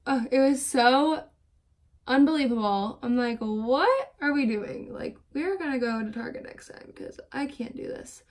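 A young woman with a slightly high voice chats her way through a makeup routine for her vlog. Her stories ramble, packed with "like," and she sounds openly fed up when she complains. She is talking casually to camera at home. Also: moderate pace. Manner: rambling, lots of filler "like"; exasperated, venting. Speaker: beauty vlogger. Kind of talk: chatty get-ready-with-me storytelling.

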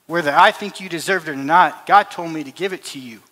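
A man preaching in a church, his bright, forceful voice set a little high. He talks earnestly, restarting and repeating phrases as he tells a story. The sound rings with a long hall reverb. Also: normal speed. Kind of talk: sermon with personal story.

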